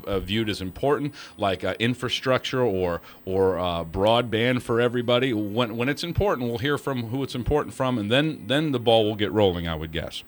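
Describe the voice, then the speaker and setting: Brief: male talk radio host, animated, frustrated, swinging pitch. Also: brisk, few pauses. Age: young adult. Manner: animated, frustrated ranting with quoted asides.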